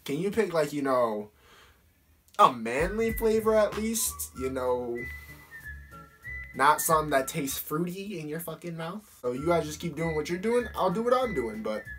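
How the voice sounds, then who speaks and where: A teenage boy with a fairly high, slightly bright voice answers fan questions in a casual vlog. He talks bluntly, swearing a lot and using plenty of fillers.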